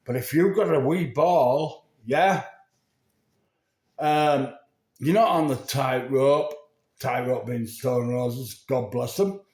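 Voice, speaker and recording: A man's voice: medium pitch, takes it slowly, darkish tone. A man in his sixties from England, delivering a rambling, sweary monologue to camera and constantly checking in with the listener. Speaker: vlogger. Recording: echoey room.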